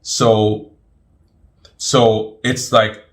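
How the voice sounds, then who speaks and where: A middle-aged man, a guest in an interview, telling his story in an animated way and often repeating words. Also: fairly low pitch, very slow.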